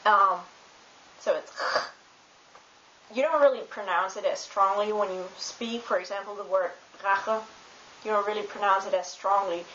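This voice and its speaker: A woman who speaks German natively, giving a casual spoken pronunciation lesson, relaxed and hesitant with many ums and uhs. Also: mid-range voice, brisk. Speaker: German tutor. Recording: roomy, dull home recording with hiss.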